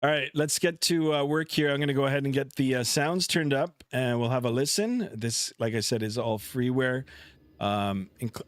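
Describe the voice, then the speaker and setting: A man's voice: mid-range voice, normal speed, dry recording. Middle aged guy rambling on his stream at home, headset mic, dry sound, lots of ums. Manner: relaxed, rambling, many fillers. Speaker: flight sim streamer. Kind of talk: casual live-stream chat. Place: home room.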